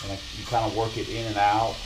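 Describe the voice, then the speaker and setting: A man's voice: fairly low pitch, little pitch movement, a little fast, noisy background. A man hosting a casual car-project vlog from his home workshop, laid-back and rambling, poking fun at himself. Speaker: channel host.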